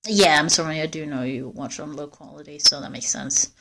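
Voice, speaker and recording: A woman livestreaming on a walk through a forest, chatting casually to viewers in a rambling, swearing way. She is cold, and her voice rises and falls in loudness as she walks. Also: low-pitched, steady tone, brisk. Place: outdoors in a forest.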